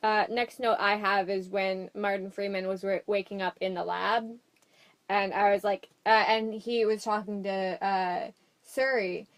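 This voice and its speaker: A woman's voice: medium pitch, steady tone, measured pace. A woman co-hosting a casual movie review chat, hesitant and wry, talking with many fillers.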